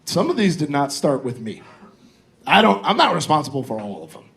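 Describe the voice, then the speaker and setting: Guy in his 40s doing stand-up at a comedy club, kinda high voice, crude and loose, riffing with the crowd. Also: sing-song, a little fast, vocal fry, a bit bright. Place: comedy club stage with live audience.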